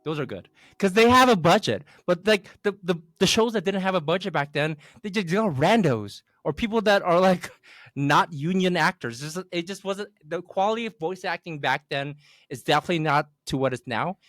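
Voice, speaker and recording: A young man with a high, lively voice that jumps around, laughing and swearing as he jokes with a friend. He argues a point stubbornly in casual podcast chat. The sound is dry and close. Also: normal speed, dry recording. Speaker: podcast co-host. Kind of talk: casual banter.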